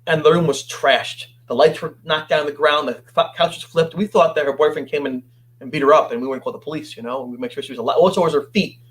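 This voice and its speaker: A man telling his story as a guest on an interview show, animated and acting out what others said. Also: a little high, fast. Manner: animated, acts out quoted voices.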